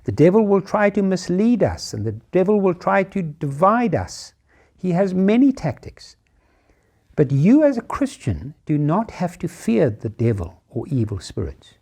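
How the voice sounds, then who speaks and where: A middle-aged man delivers a sermon with a mellow, darkish voice. His pitch rises and falls widely as he presses each point home. He repeats key phrases for emphasis. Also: sing-song, unhurried. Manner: emphatic, repetitive rhetorical phrasing. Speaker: preacher.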